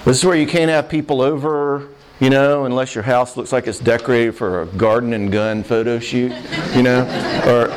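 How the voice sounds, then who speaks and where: A man's voice: medium pitch, fairly even intonation, normal speed, background noise. A man giving an earnest, conversational sermon-style talk on forgiveness, emotional at times, checking in with listeners as he goes. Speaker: Christian speaker on marriage and forgiveness.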